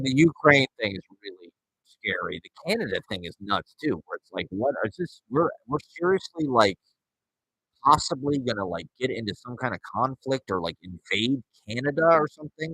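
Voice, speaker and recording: A man's voice: mid-range voice, fairly bright tone, no echo, rough recording. A man in his forties rambling and ranting sarcastically and profanely as he hosts his show solo. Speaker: podcast host. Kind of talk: solo casual rant.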